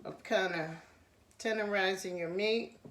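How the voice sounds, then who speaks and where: A woman's voice: mid-range voice, measured pace, a bit bright, echoey room, recorded from a distance. A woman hosting a cooking channel, giving a casual, homey cooking demonstration in her kitchen and often calling the viewers "guys". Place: home kitchen.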